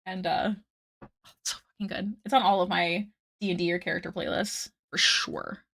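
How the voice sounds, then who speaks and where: A woman's voice: on the low side, fairly even intonation, moderate pace, gravelly, a bit bright, dry recording, clean studio sound. A young woman chatting casually with her stream while she draws, rambling and self-deprecating as she reads chat aloud at night. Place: home room at night. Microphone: desk mic.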